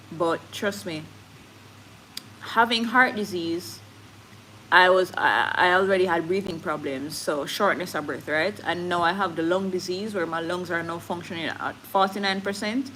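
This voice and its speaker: A woman's voice: lowish voice, moderate pace, bright, forceful tone, slight background noise, poor audio. A woman with a Jamaican accent chatting candidly on a live stream, slipping into patois as she talks. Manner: candid, switching into patois, reads viewer comments. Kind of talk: casual live-stream chat.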